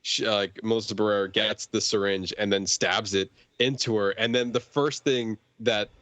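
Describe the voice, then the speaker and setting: A man's voice: on the low side, steady tone, normal speed, a bit bright, no echo. Rambling man reviewing a movie. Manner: rambling, many fillers and restarts. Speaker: podcast host or guest. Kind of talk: casual movie review chat.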